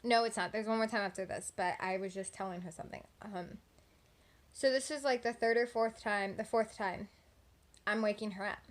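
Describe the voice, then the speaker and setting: A woman's voice: mid-range voice, steady tone, moderate pace. An eighteen-year-old woman from Texas chatting casually into her phone camera at home at night, rambling with lots of "like" and "um". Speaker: vlogger. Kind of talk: casual storytelling vlog.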